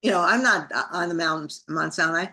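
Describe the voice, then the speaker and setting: A woman's voice: deep voice, fairly quick, bright, forceful tone. A woman, a podcast guest, telling a personal story vividly, acting out her inner thoughts in an emotional way.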